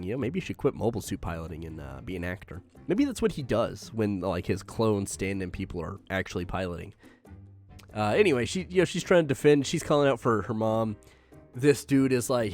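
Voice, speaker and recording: A man recapping an anime episode in a casual, joking way. He uses slang and paraphrases the characters in quick, offhand voices. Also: lowish voice.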